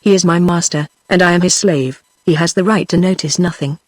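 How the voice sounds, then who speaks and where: A text-to-speech voice of a woman with a British accent, reading a classic novel aloud and voicing every character in the same even manner. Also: lowish voice, a little fast, dry recording. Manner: even, unvarying delivery of all characters. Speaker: narrator.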